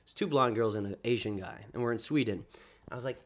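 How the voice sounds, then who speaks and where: A man coaching on dating in a casual motivational monologue. He talks in an excitable, slangy way, swears often, and calls his listeners bro. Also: fairly low pitch, quick pace.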